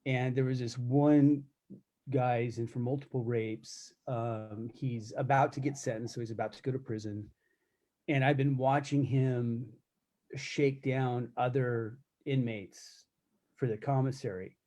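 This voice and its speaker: A man's voice: mid-range voice, steady tone, unhurried, warm tone. A middle-aged man telling candid, profane stories from his years as a corrections officer, in a casual live chat, with many restarts. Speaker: self-defense instructor recounting corrections work.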